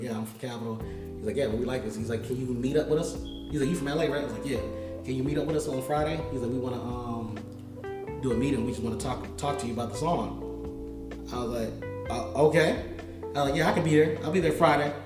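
A man telling a long story in a casual, animated way, full of slang and laughs. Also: medium pitch. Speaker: musician guest. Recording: echoey room, distant mic, music behind.

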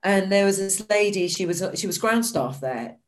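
A woman, a podcast guest, telling her life story in a lively, chatty way. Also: moderate pace, soft background music, low-quality recording. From United Kingdom. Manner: lively storyteller, acts out quotes with high bright exclamations. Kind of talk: casual storytelling interview.

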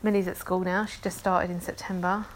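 Speaking fairly quickly in a low, flat voice, this London-accented woman in her thirties does a casual solo podcast. She rambles, pokes fun at herself, and says "um" a lot.

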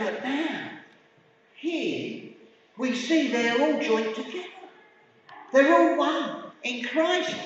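A middle-aged man with a Hertfordshire English accent preaches to his congregation, talking with them and asking them questions in a high, lively voice at an unhurried pace. He is recorded from a distance in a community centre hall with a long, booming echo. The sound is dull, with faint room ambience behind him. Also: a little hiss or hum. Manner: conversational, asks the congregation questions. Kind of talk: sermon.

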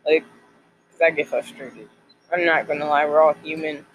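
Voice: medium pitch, flat delivery, normal speed, rough recording. A person in their twenties talking casually about faith and college life, rambling with lots of filler words. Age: 20s. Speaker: college student sharing faith devotional.

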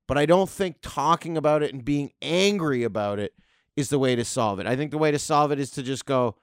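A man's voice: mid-range voice, fairly quick, smooth, no echo, clean studio sound. A man hosting a podcast, ranting in a rambling, sarcastic, profane way. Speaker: podcast host. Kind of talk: comedic podcast rant.

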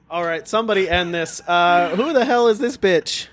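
A man's voice: high-pitched, lively intonation, unhurried, fairly bright tone. A man hosting a podcast, trading crude insult jokes with friends and singing song parodies. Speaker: podcast host. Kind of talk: crude banter.

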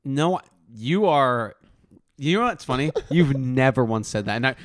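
Animated young man telling a story. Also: medium pitch, measured pace, dry recording, clean studio sound. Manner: animated storytelling, lots of laughing. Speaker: podcast co-host. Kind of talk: casual chat.

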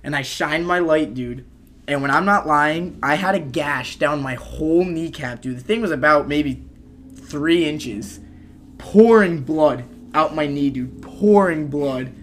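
A young man telling a rowdy story on a casual podcast, animated, swearing and saying "dude" a lot. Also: fairly high pitch, measured pace, slight background noise.

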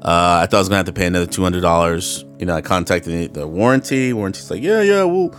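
Low-voiced man rambling through a profane monologue. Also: fast, fairly bright tone. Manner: rambling, profane, laughs often; acts out voices in quoted dialogue. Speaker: podcast host. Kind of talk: rambling solo podcast monologue. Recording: faint guitar music in background.

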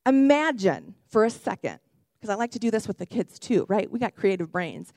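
A young woman who works in kids ministry, preaching a sermon in an animated, chatty way, correcting herself and breaking into excited shouts. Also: mid-range voice, moderate pace, no room sound, clean studio sound. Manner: self-correcting, chatty asides.

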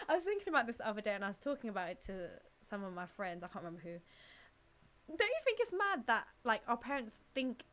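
A young woman with a London accent co-hosting a casual podcast chat, animated, laughing often and filling her talk with "like". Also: a little high, a little fast. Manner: animated, laughing, many fillers. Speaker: podcast co-host.

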